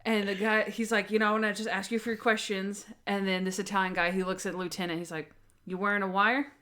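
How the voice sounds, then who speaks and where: A woman's voice: medium pitch, little pitch movement, quick pace, a bit bright. A woman co-hosting a podcast, chatting casually about a TV episode, laughing often and acting out quoted lines. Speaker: podcast co-host. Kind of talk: casual chat recapping a TV episode.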